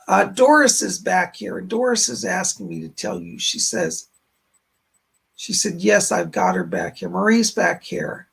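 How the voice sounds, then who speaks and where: A hoarse man hosting a live-stream psychic reading, relaying spirit messages in looping "he said" phrasing and thanking viewers effusively. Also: high voice, wildly swooping pitch, unhurried, a bit bright. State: hoarse, voice giving out. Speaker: psychic medium, stream host.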